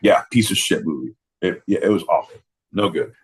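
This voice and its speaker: A man's voice: low-pitched, animated, normal speed, breathy edge. A man co-hosting a podcast, rambling through crude jokes and laughing often in casual banter. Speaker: podcast co-host.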